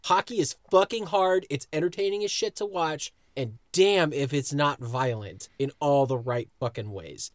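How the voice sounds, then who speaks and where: A man's voice: fairly high pitch, moderate pace, hardly any pauses, dry recording, studio quality. A man co-hosting a casual podcast, giving blunt, profane opinions. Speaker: podcast co-host.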